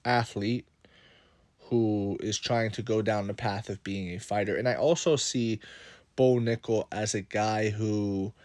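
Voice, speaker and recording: A man's voice: on the low side, fairly even intonation, unhurried, a little mellow, no echo. A man giving his opinions on mixed martial arts as a vlogger, in a casual, conversational monologue full of rhetorical questions. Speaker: MMA commentary vlogger.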